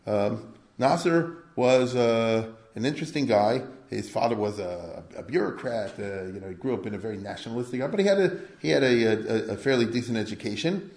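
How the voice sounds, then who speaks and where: A man's voice: on the low side, animated, a little fast, darkish tone. Older man lecturing in an echoey room. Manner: conversational, with rhetorical questions. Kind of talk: informal history lecture.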